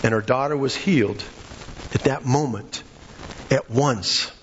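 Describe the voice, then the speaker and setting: A man's voice: medium pitch, a little slow, lo-fi sound, a little hiss or hum. A man preaching a sermon with passion, acting out the voices of the people in his story. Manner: impassioned, acts out quoted voices.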